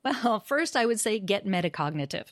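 A woman explaining pronunciation teaching, acting out example phrases with rising and falling intonation, animated and laughing easily. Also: mid-range voice, normal speed, no room sound, studio quality. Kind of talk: conversational discussion about teaching.

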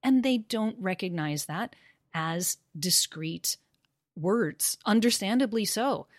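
A woman explaining pronunciation teaching, acting out example phrases with rising and falling intonation, animated and laughing easily. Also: mid-range voice, slow pace, no room sound, studio quality. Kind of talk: conversational discussion about teaching.

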